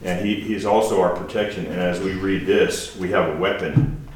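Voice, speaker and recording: Guest preacher, male, low voice, chatty halting sermon, heard off-mic in a roomy echoing hall with faint hiss. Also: steady tone. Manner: conversational, halting, with restarts and asides. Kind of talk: informal sermon. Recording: echoey hall from a distance with faint noise.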